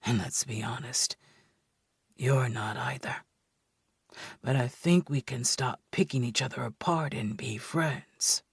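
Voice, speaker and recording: An actor voicing an earnest, guarded young man in an audiobook, speaking in a husky, breathy half-whisper. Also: no echo, studio quality. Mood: earnest, intimate. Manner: low, intimate and deliberate. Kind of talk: audiobook dialogue.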